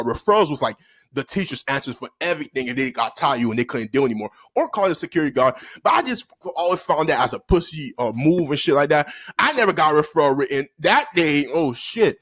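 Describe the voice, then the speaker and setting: A man in a casual storytime vlog, talking in a loose, slangy, profane way. His voice sits high and swings widely up and down, and it is recorded close and dry. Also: slightly rough, no echo.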